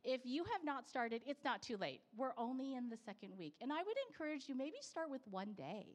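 Woman, 30s–40s, conversational church testimony, slightly high voice, tag questions. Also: sing-song, a little fast. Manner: conversational, often adds "right?". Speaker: church speaker sharing a testimony. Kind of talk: personal testimony to a congregation.

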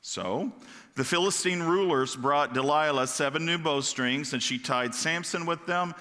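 A man's voice: fairly high pitch, measured pace, bright, forceful tone. A man giving a casual, joking Bible lesson in a large hall, sometimes stumbling over his words. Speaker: Bible teacher. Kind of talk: conversational Bible teaching.

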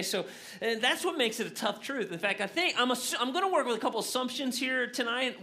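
High, bright-voiced casual pastor. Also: male voice, creaky. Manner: casual and conversational, with many fillers. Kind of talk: sermon at an evening church service. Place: church service.

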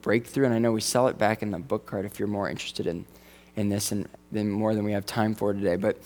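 A man preaching a sermon as pastor, conversational with joking asides. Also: medium pitch.

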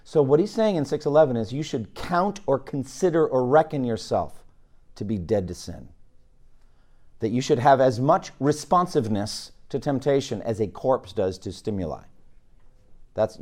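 A middle-aged man preaching a sermon, animated, rising loud for emphasis and dropping low.

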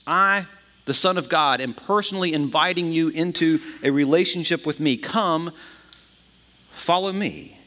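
A preacher voicing a calm, inviting male teacher. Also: on the high side, unhurried. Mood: earnest. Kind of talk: sermon retelling. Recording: long hall reverb.

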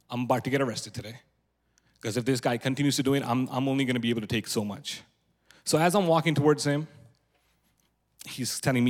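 Man, young adult, conversational testimony, live church hall, echoing reverb. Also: mid-range voice. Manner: candid conversational storytelling. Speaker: speaker at church event. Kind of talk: personal testimony talk.

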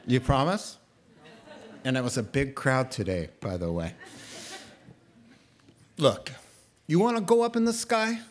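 A male pastor delivers a sermon in an easygoing, talkative way, pausing often and joking with the congregation. His voice sits a little high for a man, and he takes his time. When he acts out the characters in the story, his pitch climbs well above his usual speaking voice. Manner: animated storytelling, voicing characters with a rising pitch; conversational, jokes with the congregation.

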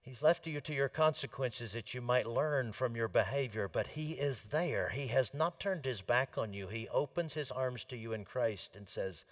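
A man preaching a sermon in an earnest way, building to emphatic repeated lines and then dropping soft and low. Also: moderate pace, hardly any pauses.

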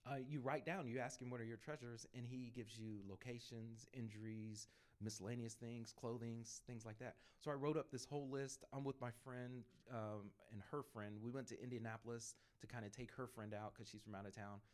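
A man at medium pitch shares evangelism stories on a panel in animated storytelling fashion, breaking into laughter between tales. He performs snippets of dialogue as quick asides.

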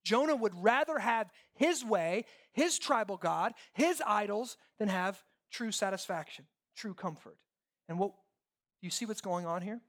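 A pastor in full sermon mode at a middling pitch. The delivery is emphatic and repetitive, stacking phrases into long lists, asking rhetorical questions, and tagging lines with "okay?" and "right?". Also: lively intonation, measured pace. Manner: checks in with listeners often ("okay?", "right?").

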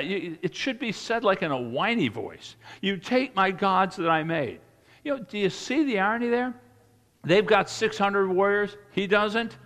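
A man preaching a sermon as a pastor, retelling a scripture story with lively emphasis and dropping to quiet, earnest moments. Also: sits high, big-room sound. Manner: animated storytelling preacher, swinging between loud emphasis and quiet earnest passages.

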